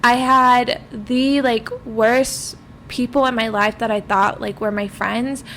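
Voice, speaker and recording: This young woman co-hosts a podcast and reflects on her friendships in an easygoing, thoughtful way. Her voice is a little higher than most women's. Faint noise hums underneath. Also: fairly even intonation, slow, a bit bright. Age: young adult. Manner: reflective, heavy on "you know" fillers. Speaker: podcast co-host. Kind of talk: casual chat.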